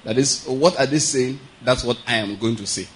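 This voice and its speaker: Chuckling preacher. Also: male voice, mid-range voice, moderate pace, poor audio. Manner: conversational teaching with frequent check-ins and chuckles. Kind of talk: sermon.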